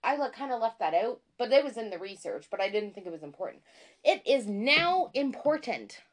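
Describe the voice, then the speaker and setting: Animated, chatty woman podcast host. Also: medium pitch, quick pace. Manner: excitable, self-deprecating, chatty. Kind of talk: casual chat.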